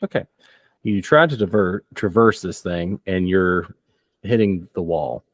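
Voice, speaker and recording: A man's voice: deep voice, measured pace, dry recording. A man narrating as game master, loose and descriptive, often laughing.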